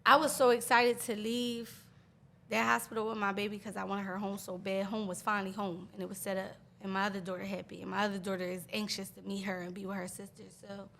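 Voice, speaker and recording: Woman telling a raw grief story, gravelly voice, faint hiss behind, halting with nervous laughs. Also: mid-range voice, little pitch movement, a bit bright. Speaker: guest. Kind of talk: emotional personal storytelling.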